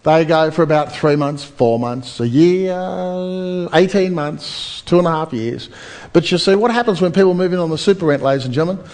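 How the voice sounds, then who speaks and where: A man's voice: fairly high pitch, normal speed. A man giving a property seminar, firing rhetorical questions at a live audience. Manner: animated, addresses the crowd with rhetorical questions. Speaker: seminar speaker.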